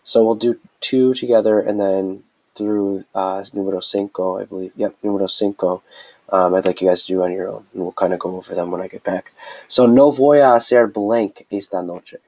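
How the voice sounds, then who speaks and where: A man's voice: low-pitched, steady tone, moderate pace, a little mellow, rough recording. A man teaching a Spanish grammar lesson in a recorded screencast, chatty and explaining step by step with frequent checks.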